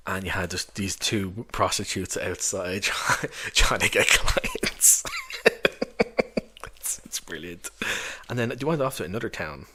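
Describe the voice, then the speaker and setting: A man's voice: low voice, normal speed, pushed and bright, slight background noise. A man who runs tabletop games, chatting casually and loosely about books he recommends, with lots of fillers. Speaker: tabletop game master reviewing books. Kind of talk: casual rambling book review.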